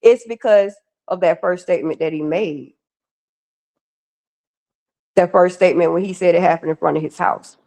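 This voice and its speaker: A woman's voice: on the low side, normal speed, long pauses, mellow. A woman co-hosting a live stream, ranting bluntly and with lots of profanity while talking to her viewers. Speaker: livestream co-host. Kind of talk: heated casual live commentary.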